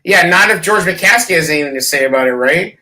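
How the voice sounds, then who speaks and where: A woman's voice: lowish voice, expressive, fast, sharp tone, distant mic, poor audio. A woman in her thirties, co-hosting a podcast, ranting in a profane, exasperated way. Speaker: podcast co-host. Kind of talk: casual podcast chat.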